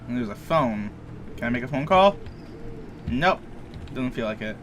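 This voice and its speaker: A man's voice: mid-range voice, expressive, moderate pace, a bit bright, slight background noise. A young man casually commenting on a game he plays, rambling, joking and swearing freely. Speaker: let's play streamer.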